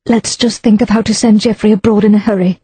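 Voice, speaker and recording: A woman narrator voicing a gentle aristocratic wife who pleads and soothes. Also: mid-range voice, fairly even intonation, fast talker, breathy edge, no echo, voice pushed up, natural voice. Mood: pleading.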